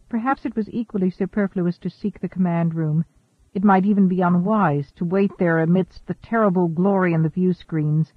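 A man narrating an audiobook in a steady, measured way. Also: high-pitched, no room sound. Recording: thin phone-like dry audio.

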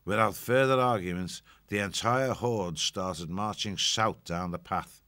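A man narrating an audiobook in a measured, steady storytelling manner. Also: low voice, no room sound, studio quality. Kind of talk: audiobook reading.

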